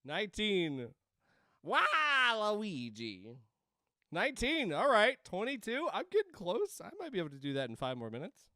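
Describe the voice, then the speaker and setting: Man, high lively voice, bright and crisp, rambling game commentary with sudden screams, close dry home mic. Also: fairly quick, few pauses, no room sound. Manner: rambling, laughing, screaming bursts. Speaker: game streamer. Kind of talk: let's-play commentary. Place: home room. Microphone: desk microphone.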